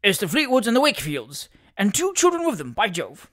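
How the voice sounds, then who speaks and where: A reader voicing a jovial, prankish gentleman who talks in a hearty, exclaiming and mischievous way in an audiobook. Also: medium pitch, wildly swooping pitch, brisk, dry recording, studio quality, pitched above the performer's own voice. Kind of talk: audiobook character voice.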